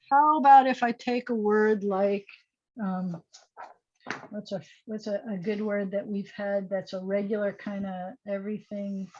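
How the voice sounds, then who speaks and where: A woman's voice: medium pitch, a little mellow. A woman rabbi teaching a Hebrew lesson over a video call, thinking aloud as she writes and correcting herself with chatty asides. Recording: slightly dull video call audio.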